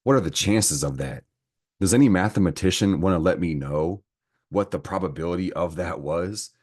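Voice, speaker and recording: A man's voice: sits low, moderate pace. A man giving a casual astrology and tarot reading to camera, talking in a slangy, profane, encouraging way. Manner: slangy, profane, animated pep talk.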